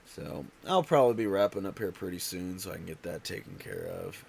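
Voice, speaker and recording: A tired livestream host with a deep, creaky voice chats casually on stream, talking fairly quickly as his pitch swoops wildly. He sounds stuffy and out of breath, rambling with many fillers and restarts.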